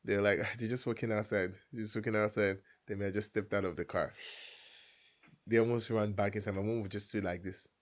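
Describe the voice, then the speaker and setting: A man's voice: lowish voice, a little fast. Young Nigerian man telling a story. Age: young adult. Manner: animated storyteller, acts out family dialogue with laughs. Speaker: guest. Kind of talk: casual storytelling chat.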